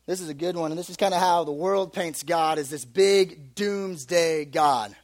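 High-voiced young man preaching casually. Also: normal speed. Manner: casual and animated, acts out little voices. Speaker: youth pastor. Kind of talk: youth sermon.

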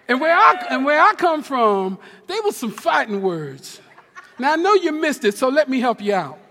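A man from New Jersey preaches in a very high register, his voice ringing through the long reverb of a large hall. He swings from near-shouts to hushed tones and drops in humorous asides. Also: moderate pace. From New Jersey, USA. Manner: animated preaching with big swings between loud and hushed. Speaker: pastor. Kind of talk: sermon.

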